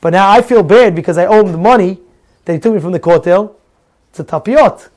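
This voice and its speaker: Guy with a high voice telling a story in a torah class, acts out all the dialogue, trips over his words a lot. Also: brisk. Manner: animated, acts out dialogue, many restarts; mixes in Hebrew words. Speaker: Torah teacher.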